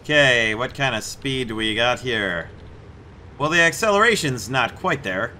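Bright-voiced man chatting over gameplay. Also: mid-range voice, animated, moderate pace, a little hiss or hum. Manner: chatty, amused, puts on mock accents for jokes. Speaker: gameplay video host. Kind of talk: casual gameplay commentary.

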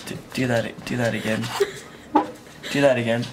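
Partly outside in the wind, a teenage male vlogger rambles casually to his handheld camera, looping back with "anyways" between ideas. His mid-range voice holds a level tone at normal speed, against heavy background noise.

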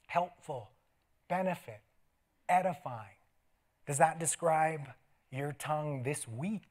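A middle-aged man preaching a sermon as pastor, telling stories with laughs and dropping to soft asides. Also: on the high side, slow. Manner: animated storytelling with laughs and sudden soft asides. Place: church sanctuary.

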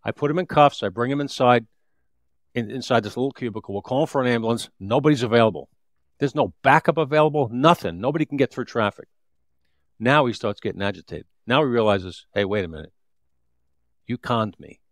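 A man's voice: medium pitch, fast talker, no echo, studio quality. A man in his fifties, a retired police detective, telling a street story in an interview with vivid, repetitive restarts.

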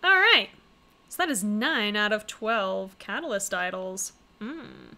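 A woman's voice: medium pitch, lively intonation, measured pace, gravelly, sharp tone. A woman streamer reading a visual novel aloud, with wry, chatty asides in between. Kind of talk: casual reading with commentary.

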